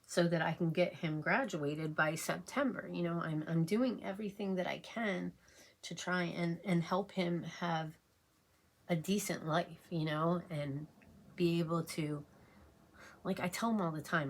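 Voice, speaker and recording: A middle-aged woman vlogging at home while she gets ready, rambling and halting with many fillers and restarts, and emotional to the point of tears. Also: lowish voice, fairly even intonation. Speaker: beauty vlogger. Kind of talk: casual chat while getting ready.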